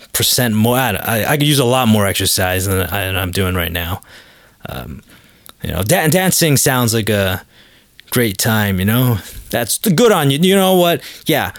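A male podcast host trades comedic banter in a hesitant, rambling, awkward way, full of filler words. His pitch is medium, and there is no room sound.

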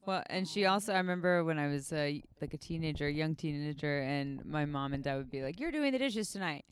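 A woman co-hosting a podcast in casual chat, animated and laughing often. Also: deep voice, fast, slight background noise. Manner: giggly, animated, rambling. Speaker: podcast co-host.

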